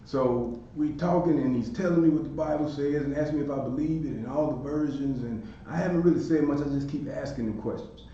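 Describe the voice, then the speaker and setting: A man in his forties hosting a podcast, telling a story in an animated way. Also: a little high, fairly quick, few pauses, slight background noise. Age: 40s. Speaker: podcast host. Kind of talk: storytelling monologue. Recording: echoey room from far off, dull lo-fi sound.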